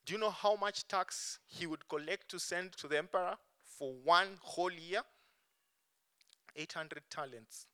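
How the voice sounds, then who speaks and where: Bright, crisp-voiced preacher. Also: male voice, high voice, unhurried. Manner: emphatic, swings between strong stresses and soft dropped endings. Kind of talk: sermon.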